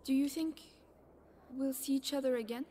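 An actress voicing a determined teenage girl protecting her little brother, speaking earnestly and often in hushed tones. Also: high voice, moderate pace, a little hiss or hum, natural voice. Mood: resolute.

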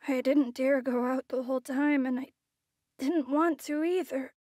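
A woman's voice: high-pitched, fairly even intonation, moderate pace, warm tone, no room sound, clean studio sound. A woman voicing a confused, frightened young boy in a game. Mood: dreamy. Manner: timid, frightened. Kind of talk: game voice acting.

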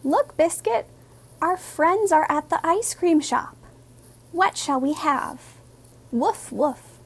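A woman, a teacher, reading a children's picture book aloud in a gentle, expressive, sing-song way. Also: very high voice, slow pace.

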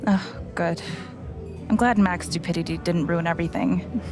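A woman's voice: on the low side, fairly even intonation, normal speed, natural voice. An actress voicing a friendly, welcoming woman in a video game, speaking earnestly and kindly over game music. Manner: earnest and kind. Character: friendly welcoming adult woman, warm townsperson.

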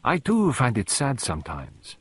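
A man's voice: medium pitch, wildly swooping pitch, measured pace, slight background noise, pitched above the performer's own voice. Hercule Poirot, read by a man. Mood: courteous. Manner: precise, courteous, formal. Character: fussy elderly male foreign detective, polite.

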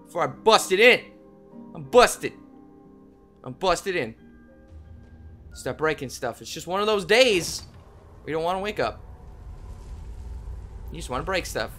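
A young man hosting a game play video, talking to viewers in a goofy way and breaking into loud yelps and yells. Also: sits high, very animated, measured pace, long pauses. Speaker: gaming channel host. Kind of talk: let's play commentary. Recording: game music playing softly behind.

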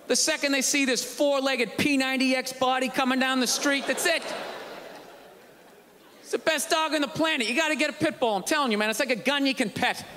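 A male stand-up comedian ranting sarcastically on stage before a live audience, often shouting his punchlines. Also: very high-pitched, fairly even intonation, a little fast, background noise. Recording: live show with crowd laughter. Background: audience laughter and ambience.

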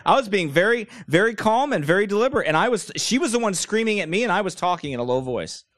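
A man preaching from a chair, blunt and mocking as he wanders into side stories. His voice sits a bit high for a man. The sound is dry and close, with little room echo. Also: big pitch swings, fast, fairly bright tone. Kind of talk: sermon. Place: church room, speaker seated.

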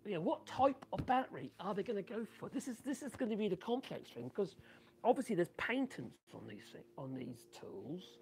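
A man with a Norfolk accent and a raspy, coarse voice, rambling casually on a live stream and reading out viewer comments. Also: high-pitched, sing-song, moderate pace, darkish tone, a little hiss or hum. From Norfolk, England. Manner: rambling and chatty, many ums and restarts. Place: home workshop.

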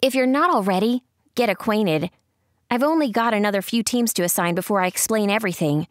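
A woman voicing a stern but fond young female proctor who speaks briskly and drily. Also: mid-range voice, dry recording, studio quality, close to an everyday voice.

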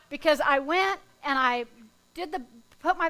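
High-voiced woman preaching with lively stories. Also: unhurried. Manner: lively storytelling, self-deprecating humor. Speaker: pastor. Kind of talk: sermon with personal stories. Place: church sanctuary.

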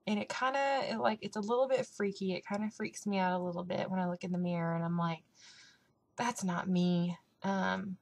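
A young woman chatting casually on her vlog, rambling with lots of fillers. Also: mid-range voice. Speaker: vlogger. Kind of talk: casual weight-loss vlog chat.

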